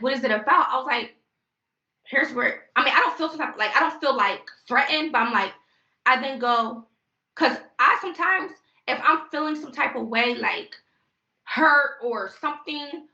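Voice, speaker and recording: A woman's voice: fairly high pitch, vocal fry, sharp tone, reverberant, dull audio. A woman venting on a live stream in a heated, rambling way. She swears often and talks straight to her viewers. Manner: heated, rambling and profane, addressing viewers as y'all. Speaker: livestreamer.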